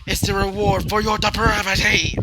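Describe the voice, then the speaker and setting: A man's voice: a little high, huge pitch swings, slow pace, over a noisy crowd, heavily acted. A man playing a bloodthirsty warrior prince. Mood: fierce. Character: bloodthirsty proud male lancer warrior prince. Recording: loud background noise.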